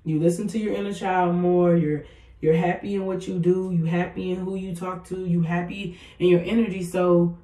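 A woman with a warm, lower voice talks straight to her listeners in a loose motivational monologue. She is blunt, circles back to her points again and again, and swears without a second thought. She sits a little back from the mic in a room with plenty of echo. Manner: blunt, emphatic, repeats herself, swears freely. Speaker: podcast host. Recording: echoey room, voice far from mic.

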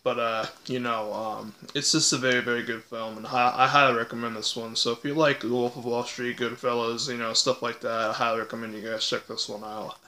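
Young male vlogger, bright and flat, loose rambling delivery full of fillers. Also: mid-range voice, a little fast, hardly any pauses. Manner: rambling with many fillers and restarts. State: hiccups. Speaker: vlogger reviewing a film. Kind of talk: casual unscripted review. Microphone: tablet or phone.

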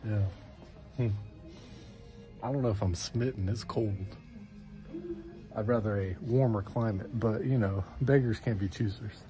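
A man's voice: lowish voice, measured pace, pauses often, music in the background. A man in a casual vlog, rambling and joking about himself as he goes about his day in a town in winter. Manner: rambling, self-mocking, chatty. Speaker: vlogger.

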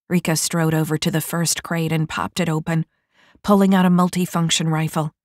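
Brief: woman audiobook narrator, low voice, dry close sound, steady delivery. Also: normal speed, no room sound.

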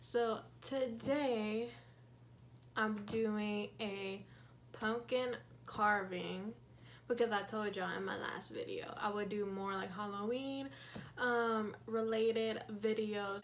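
A young woman, chatting casually and relaxed on her vlog, with lots of fillers. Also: mid-range voice, slow pace, a little hiss or hum, poor audio. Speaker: YouTuber. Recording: music playing behind the voice.

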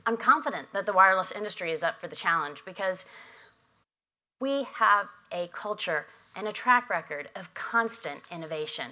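Woman, prepared keynote, podium mic, bright voice, emphatic. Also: medium pitch, lively intonation, moderate pace. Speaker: industry association head giving opening remarks. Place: conference hall.

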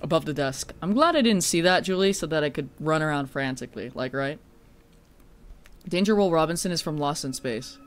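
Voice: medium pitch, animated, a little fast. A streamer playing a horror game live, chatting and swearing, breaking into shrieks when startled.

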